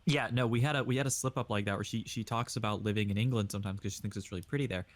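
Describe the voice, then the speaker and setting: A man in a casual podcast chat, telling a relaxed story and laughing often. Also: lowish voice, very fast, no room sound.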